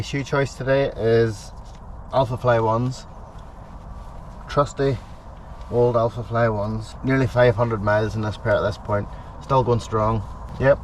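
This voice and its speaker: A man's voice: on the low side, a little mellow, slight background noise. A man vlogging outdoors before a run, rambling and correcting himself as he thinks aloud. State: out of breath while running. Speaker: running vlogger. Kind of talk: casual self-filmed vlog. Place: outdoors, in a park. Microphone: handheld camera mic.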